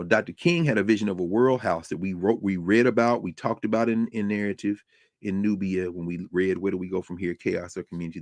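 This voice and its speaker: A man's voice: fairly low pitch, darkish tone, no room sound, studio quality. A man hosting a podcast, delivering a rhetorical spoken essay with a preacherly cadence. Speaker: podcast host.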